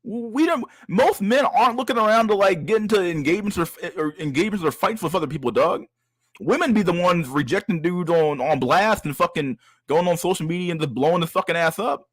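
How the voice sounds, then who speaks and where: A man's voice: fairly high pitch, fairly quick, dry recording. A man hosting a casual livestream chat, ranting profanely about clips, stumbling over repeated words and tagging lines with "dog". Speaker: streamer host.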